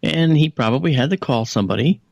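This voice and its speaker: Gravelly-voiced man telling a story. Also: quick pace, dry recording. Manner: animated storyteller, raises his pitch to quote others; conversational with frequent fillers and asides. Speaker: guest analyst. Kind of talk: anecdotal storytelling in a radio interview.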